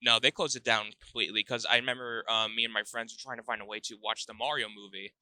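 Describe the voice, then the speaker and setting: Bright, crisp-voiced rambling young man. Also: on the low side, flat delivery, quick pace, no room sound. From Missouri. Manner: rambling, self-interrupting storyteller. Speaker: podcast guest. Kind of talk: casual chat.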